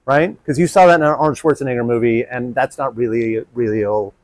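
A man presenting a dating workshop, answering audience questions in an earnest, animated way and acting out inner dialogue. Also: medium pitch, fairly quick, no echo. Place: workshop room.

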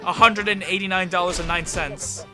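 A man commentating a game he is playing, excitable and profane, often shouting at the screen. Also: sits high, normal speed, soft background music. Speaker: gamer. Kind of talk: profane let's-play commentary.

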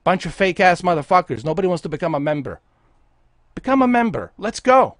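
A man's voice: high voice, sing-song, a little fast, no room sound, clean studio sound. A man from Bosnia, a game streamer delivering an aggressive, profane, taunting livestream rant at his viewers.

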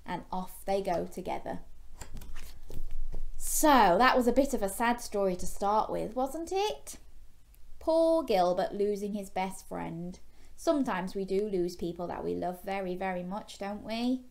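A woman reading a bedtime story to young children, gently asking them questions along the way. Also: medium pitch, measured pace, vocal fry.

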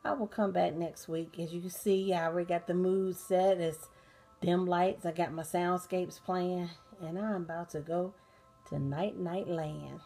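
A sleepy woman hosting a relaxed bedtime chat, talking casually with lots of fillers and laughs. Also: lowish voice, unhurried, vocal fry, soft background music. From United States. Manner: relaxed, chatty, laughing often, many fillers. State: sleepy and tired. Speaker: host of a bedtime talk channel. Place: dim bedroom at night, soundscapes playing.

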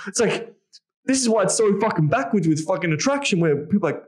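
A man's voice: high-pitched, lively intonation, fast. A man in casual podcast talk as a dating coach, blunt and profane, acting out his own lines.

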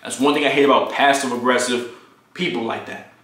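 A young man telling a storytime vlog story, animated and profane, acting out the quoted lines as he goes. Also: medium pitch, brisk. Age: young adult. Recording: echoey room.

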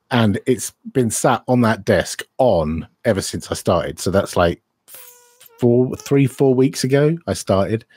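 A man in a casual live-stream chat, relaxed and plain-spoken. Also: low voice, breathy edge, dry recording.

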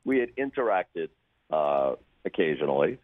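An older broadcaster telling dry, wry anecdotes with deadpan punchlines as a radio show guest. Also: male voice, a bass voice, moderate pace, no room sound, phone-quality sound. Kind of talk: storytelling in a radio interview.

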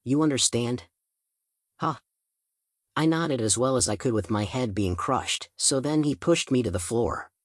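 A man's voice: medium pitch, expressive, moderate pace, dry recording, studio quality. Man narrating an audiobook in a casual teen voice. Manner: casual teen-style storytelling. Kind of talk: first-person audiobook narration.

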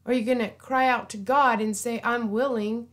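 A woman giving an informal sermon, earnest and pleading, often dropping to a hushed voice. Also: on the high side, fairly even intonation, a little fast. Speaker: preacher.

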